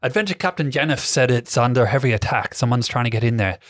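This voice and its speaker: Male player, halting in-character talk, dry. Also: mid-range voice, animated, dry recording.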